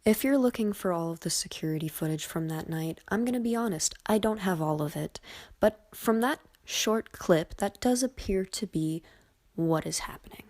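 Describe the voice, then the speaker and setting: A woman giving voice-over commentary on body language, measured and analytical, with soft whispery asides. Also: medium pitch, lively intonation.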